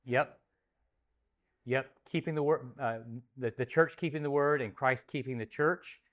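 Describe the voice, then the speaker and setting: A pastor with a medium-pitched, fairly bright voice speaks a little slowly as he reads scripture and prays. He then teaches a group conversationally in this Bible study, asking questions and saying the answers back to them.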